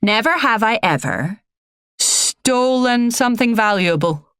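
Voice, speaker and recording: A woman's voice: a little high, lively intonation, measured pace, fairly bright tone, smooth, dry recording, studio quality, pitched above the performer's own voice. A woman voicing a playful young woman who speaks in a breezy, teasing way. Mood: mischievous.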